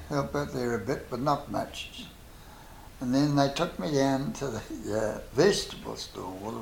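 A man's voice: mid-range voice, gravelly, slight background noise. An older man with a New Zealand accent, telling wartime stories as a veteran and acting out both sides of each conversation. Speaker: veteran interviewee. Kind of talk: oral history storytelling. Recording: roomy echo.

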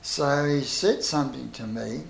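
A man's voice: mid-range voice, unhurried, gravelly. An older man with a New Zealand accent, telling wartime stories as a veteran and acting out both sides of each conversation. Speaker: veteran interviewee. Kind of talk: oral history storytelling. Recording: roomy echo.

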